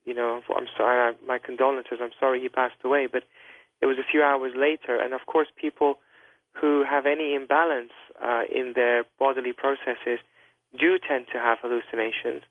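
A man speaks as a guest doctor on a radio call-in, measured and hedging, with frequent fillers. His voice comes through a tinny, narrow phone line. The sound is dry and close. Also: mid-range voice, flat delivery, dry recording. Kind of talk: careful explanatory talk over a phone line.

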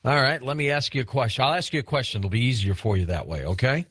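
A man's voice: mid-range voice, fast talker, a bit bright, husky, no room sound, clean studio sound. A man hosting a late-night call-in radio show, joking lightly with callers. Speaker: radio host.

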